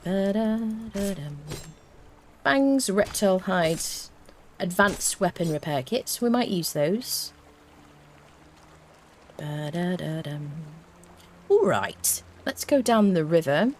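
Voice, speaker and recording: A medium-pitched, animated woman talks at a measured pace over slight background noise. While playing a video game on stream, she chats casually with viewers and hums little tunes to herself.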